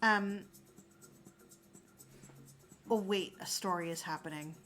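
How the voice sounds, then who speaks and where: A woman in her forties chatting casually on a livestream, reading comments aloud with animated, sarcastic asides. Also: fairly low pitch, takes it slowly, faint music behind. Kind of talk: casual chat.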